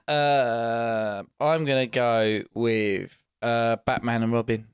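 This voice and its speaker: A man co-hosting a podcast in casual chat, rambling and halting with many restarts. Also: mid-range voice, steady tone, clean tone, no echo, studio quality. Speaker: podcast co-host.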